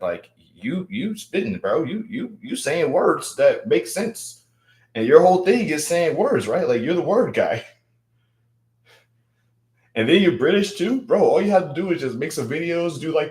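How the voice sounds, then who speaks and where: A young man from Louisiana, hosting a casual livestream and hyping up viewers, repeating his words as he talks. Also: mid-range voice. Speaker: livestream host. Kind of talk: casual livestream chat reading viewer comments. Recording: roomy echo.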